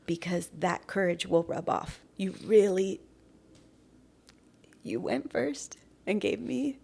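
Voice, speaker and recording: A woman's voice: medium pitch, vocal fry, a little mellow. A woman in her late thirties speaking as an interview guest in a heartfelt conversation, earnest, dropping to near whispers and laughing often. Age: late 30s.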